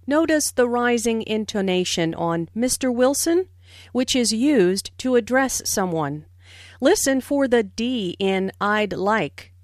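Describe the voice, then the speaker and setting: Woman teacher, slow clear explanations, lively fairly high voice, dry close sound. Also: dry recording. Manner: slow, careful, explanatory delivery. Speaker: English teacher. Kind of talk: scripted language-lesson narration.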